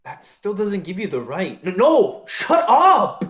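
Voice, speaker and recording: A man's voice: sits high, huge pitch swings, slow pace, fairly bright tone, exaggerated voice. A young actor playing an eighteen-year-old son who confronts his cheating father, swearing and slipping into Spanish words on a theatre stage. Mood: furious. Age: young adult. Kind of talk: live student stage drama.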